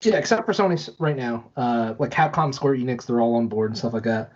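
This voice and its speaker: A man co-hosting a casual gaming podcast, animated and laughing easily, with some swearing. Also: medium pitch, fast. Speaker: podcast co-host. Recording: dull lo-fi podcast audio.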